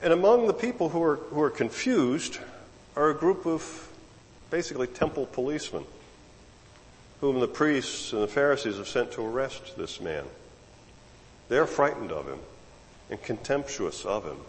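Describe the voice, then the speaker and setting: A male preacher gives a sermon in an easy, conversational way, often repeating words as he builds a point. His pitch swings widely and stays animated. The voice echoes with the long reverb of a large hall. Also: moderate pace, long pauses, slight background noise.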